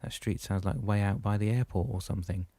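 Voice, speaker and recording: Easygoing teasing friend read by a man, relaxed, low dark voice. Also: a little fast, gravelly, dry recording. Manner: relaxed, joking.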